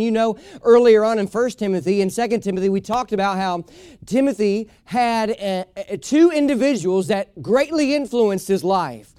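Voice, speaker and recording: A male pastor delivers an emphatic sermon in a high, clear, resonant voice. He hammers home his main points by repeating them. The sound is close and dry, with no room around it. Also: darkish tone, no echo. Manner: emphatic preaching with repeated key phrases.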